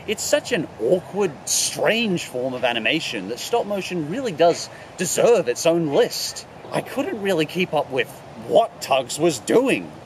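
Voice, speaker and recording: Sarcastic animated male reviewer. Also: fairly high pitch, unhurried, few pauses, a little hiss or hum. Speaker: host. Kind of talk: comedic cartoon review.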